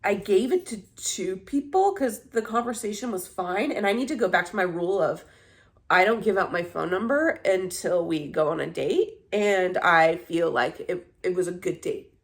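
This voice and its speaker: A young woman talks straight to camera in a relaxed vlog chat, candid and blunt, with swearing sprinkled through. Her voice sits a little low and has a gravelly fry running under it. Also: moderate pace. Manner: candid and blunt, swears freely, animated storytelling. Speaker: vlogger. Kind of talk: casual chat.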